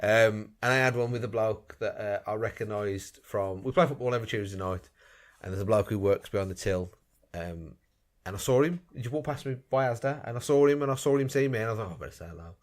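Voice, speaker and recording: A man's voice: fairly low pitch, fast. A man co-hosting a podcast, telling rambling, self-mocking stories in casual chat. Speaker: podcast co-host.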